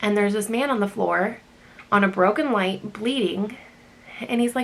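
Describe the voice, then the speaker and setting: A woman, an emergency medical worker, casually retelling a night shift with many ums and animated delivery. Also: mid-range voice, normal speed, gravelly. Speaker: EMT telling a work story. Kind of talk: casual storytelling.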